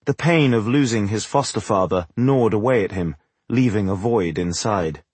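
A man reading fantasy narration for an audiobook in a measured, dramatic way. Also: lowish voice, a little mellow, husky, no echo.

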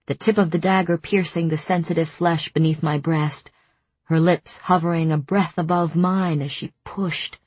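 A woman narrating a first-person audiobook in a measured, intimate way. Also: low-pitched, steady tone, darkish tone, husky, no echo.

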